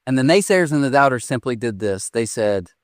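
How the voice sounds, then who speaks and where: A man in his forties, a pastor, preaching a sermon with lively storytelling that swings between raised, excited phrases and quiet, soft endings. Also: mid-range voice, a little fast, no echo, clean studio sound. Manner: animated storytelling with sudden rises and soft drops. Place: church stage.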